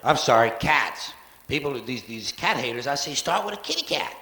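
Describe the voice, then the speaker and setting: On a live theater stage, a forties-aged comic delivers sarcastic, foul-mouthed stand-up and performs cat voices, recorded off the soundboard. He speaks at medium pitch with big pitch swings, normal speed, and a sharp tone, and the sound is roomy.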